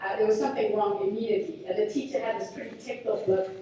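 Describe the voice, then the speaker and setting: A woman in her thirties giving a talk, telling stories in a candid, self-deprecating and animated way. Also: mid-range voice, fast talker, a little hiss or hum. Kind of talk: storytelling talk. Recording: very echoey hall, mic far off.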